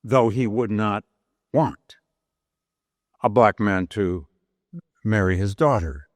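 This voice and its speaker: A man's voice: lowish voice, slow pace, no room sound. Older male history professor lecturing. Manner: storytelling lecturer, animated quoting of historical speeches. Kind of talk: university lecture. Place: large chapel lecture hall.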